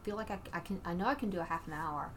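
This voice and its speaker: A woman's voice: lowish voice, rapid-fire, fairly bright tone, a little hiss or hum. A woman stand-up comedian talking casually, rambling and repeating herself as she thinks aloud. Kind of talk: casual chat.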